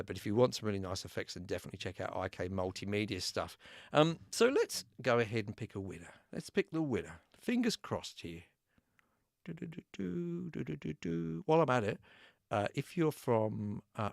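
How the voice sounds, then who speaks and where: A man's voice: on the low side, dry recording, studio quality. An Australian man hosting a live giveaway stream, chatting casually, laughing often and reading out names from the chat. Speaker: YouTube host running a live giveaway.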